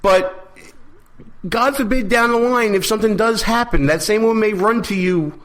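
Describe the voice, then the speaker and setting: A man with a notably high voice co-hosts a talk radio show from a studio. He keeps the banter moving with quick, teasing asides to his partner. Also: a bit bright. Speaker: co-host.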